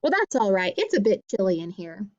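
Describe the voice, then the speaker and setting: A woman's voice: mid-range voice, sing-song, brisk, lo-fi sound, close to an everyday voice. A woman voicing a kindly, chatty old village grandmother while reading a storybook aloud. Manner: fussing, chatty, good-natured.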